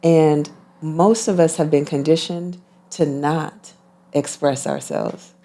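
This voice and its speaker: Woman, very low voice, gravelly, dark tone, measured, repeats for emphasis. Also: fairly even intonation. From United States. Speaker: guest, intuitive healer and physician. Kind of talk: reflective interview talk.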